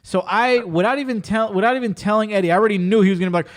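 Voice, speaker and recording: A man's voice: high voice, racing, few pauses. A man hosting a casual podcast chat, telling stories with plenty of swearing. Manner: animated storyteller, swears freely. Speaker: podcast host.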